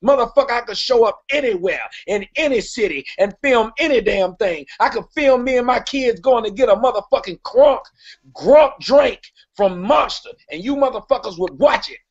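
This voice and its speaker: Brash, mocking male stream host with a high-set voice, heard through dull stream audio. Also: lively intonation, normal speed, slightly rough. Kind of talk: profane live-stream rant.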